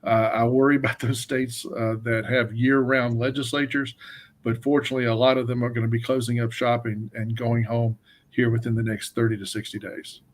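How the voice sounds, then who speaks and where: A man's voice: mid-range voice, level tone, brisk. A man from Wyoming giving an earnest, emphatic policy update on a live webcast, often restarting his sentences. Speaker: government affairs staffer.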